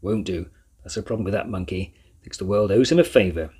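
Man doing a talking female dog, blunt, clipped sentences, deep voice. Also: fairly quick, a little mellow, husky. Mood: dismissive.

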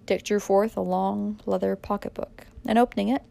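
A woman narrating a dramatic audiobook in a measured way, pressing harder in tense moments. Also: mid-range voice, fairly even intonation, gravelly, warm tone.

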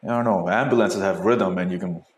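A man hosting a casual podcast, reacting to clips with crude, profane commentary and loud whoops. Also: low voice, fairly quick. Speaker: podcast host. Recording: echoey room, faint noise.

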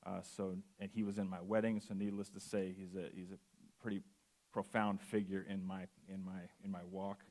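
A man preaches as a guest speaker. His voice sits a little low, and he reads scripture with steady earnestness before easing into a personal story. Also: normal speed. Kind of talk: sermon.

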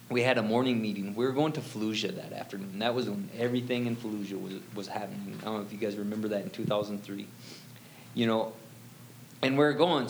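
A man's voice: medium pitch, slight background noise. A middle-aged man telling a personal story as an interview guest, rambling and full of "you know" fillers.

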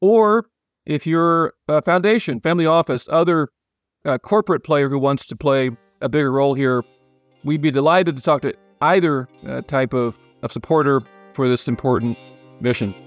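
A man's voice: on the high side, normal speed, no room sound, faint music behind. Joking, rambling podcast host man. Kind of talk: casual podcast chat.

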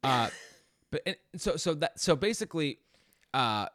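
A man co-hosting a casual podcast, rambling through with frequent restarts and the odd swear. His pitch swings widely as he talks, and the sound is dry and close. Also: sing-song, a little slow, a bit bright, no echo. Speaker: podcast co-host. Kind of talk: casual chat.

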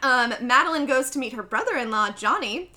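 A woman's voice: high-pitched, expressive, fairly quick, sharp tone. A young woman recapping a movie in casual podcast chat, giggly and full of fillers. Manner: chatty, giggly, lots of fillers. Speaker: podcast co-host.

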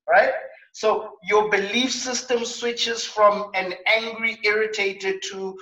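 A South African man hosting a coaching talk show, telling stories in a lively way with acted asides. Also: sits high, takes it slowly, echoey room, distant mic, rough recording. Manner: animated storytelling with acted asides.

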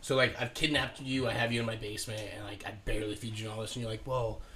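A man's voice: lowish voice, steady tone, racing, a crowd in the background. A man joking and riffing on wild hypotheticals in casual chat, swearing freely.

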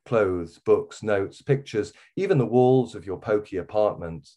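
A man with a Wirral accent reading his own short story aloud in a measured, steady way. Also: on the low side, dull audio. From England. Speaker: guest author.

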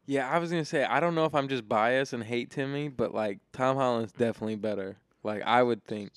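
A man's voice: mid-range voice, a little fast, smooth, no room sound. A man co-hosting a casual podcast chat, teasing and joking with his friends. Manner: teasing, jokey. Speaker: podcast co-host.

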